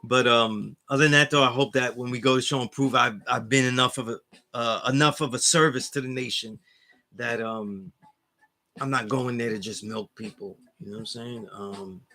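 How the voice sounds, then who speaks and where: Reading the live chat during a casual class he's hosting, a New York-accented instructor chats loosely with viewers, rambling and filling his talk with "you know what I'm saying." His medium-pitched voice is steady and sharp, at normal speed.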